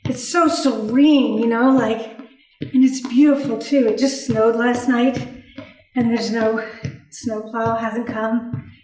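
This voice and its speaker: A woman's voice: a little high, steady tone, slow, a little mellow, faint music behind. A woman performing a candid, profane comic monologue on a theatre stage. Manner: profane, candid, bursts into laughing outbursts. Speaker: solo performer. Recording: roomy stage sound from far off.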